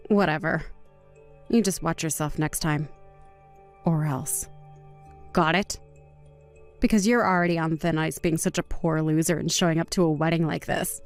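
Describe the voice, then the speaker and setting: A woman's voice: low-pitched, fairly even intonation, normal speed, long pauses, faint music behind. A woman voicing an arrogant young female office worker who mocks and taunts others in a voiced story drama. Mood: taunting. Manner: sneering, taunting, laughs at others.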